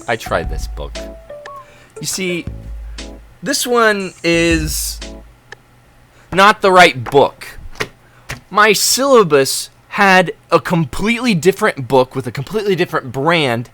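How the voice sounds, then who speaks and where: A man's voice: fairly high pitch, big pitch swings, takes it slowly, pauses often, pushed and bright, faint music behind. A young man telling a story in an exasperated, dramatic and sarcastic rant. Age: young adult. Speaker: college student vlogger. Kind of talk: ranting storytelling vlog.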